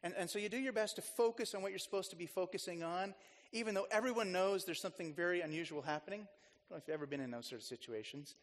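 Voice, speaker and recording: A man's voice: high-pitched, rapid-fire, big-room sound. A man preaching a conversational sermon as a pastor, chatty and storytelling, with restarts and side remarks.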